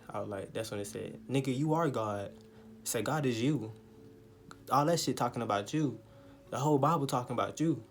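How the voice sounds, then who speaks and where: A young man in his twenties casually telling a personal story, full of slang and swearing, animated as he retells it. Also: fairly low pitch, slight background noise. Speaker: vlogger.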